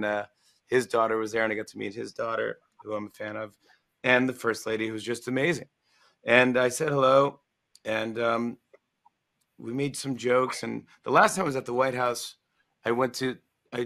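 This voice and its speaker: Telling a funny anecdote casually as a talk show guest in a promotional livestream interview, a forty-something male author animatedly imitates the voices of people he quotes. His mid-range voice is creaky, and his pace moderate.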